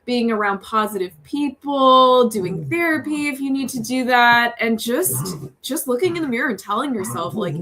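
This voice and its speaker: A woman's voice: fairly high pitch, animated, moderate pace, fairly bright tone, slight background noise. A young woman, a TV news reporter, talking earnestly as a podcast guest, chatty, with frequent laughs and fillers. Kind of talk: casual interview talk.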